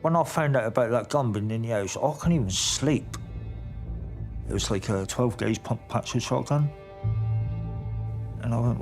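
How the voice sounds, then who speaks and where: A man's voice: mid-range voice, normal speed, music in the background. A man recounting past events in a blunt, informal way, swearing often. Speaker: interviewee.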